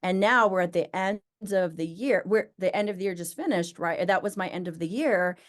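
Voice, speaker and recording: A woman who owns a business, talking as an interview guest and acting out her own excited thoughts as she tells her story. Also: on the low side, brisk. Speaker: interview guest, med spa owner. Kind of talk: casual interview conversation.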